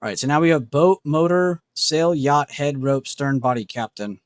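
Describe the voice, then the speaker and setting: A man's voice: fairly high pitch, normal speed, dry recording, clean studio sound. A man hosting a casual livestream, muttering word guesses to himself and reacting to chat with self-mocking remarks. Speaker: livestream host.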